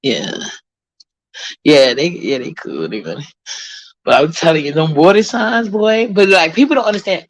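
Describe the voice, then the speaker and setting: A deep-voiced woman from Harlem, New York chats as a vlogger and reads viewer comments, with no room sound in the audio. She speaks bluntly and profanely, rambling along with many fillers.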